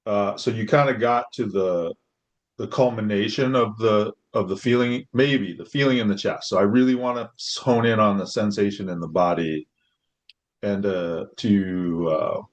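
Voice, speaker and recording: A man's voice: lowish voice, normal speed, highs cut off. A man hosting a casual conversation, talking in a reflective, hesitant way with many fillers. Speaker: host.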